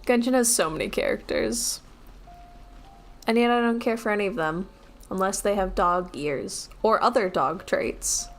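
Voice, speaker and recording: A woman's voice: medium pitch, normal speed, soft background music. A woman chatting casually and cracking jokes while streaming a video game. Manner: joking and chatty, talking over the game. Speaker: gaming streamer.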